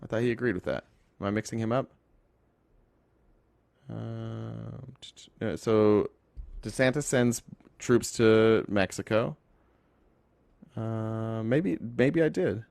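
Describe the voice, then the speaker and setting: ユタ州出身の男性が、ライブ配信の視聴者コメントに応えながら、脱線や言い直しを交えて政治の話を気ままに語っている。. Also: male voice, on the low side, slow, gravelly, pauses often, a little mellow, no echo. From Utah. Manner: rambling, talks to chat, self-correcting. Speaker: livestream host. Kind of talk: casual political livestream chat.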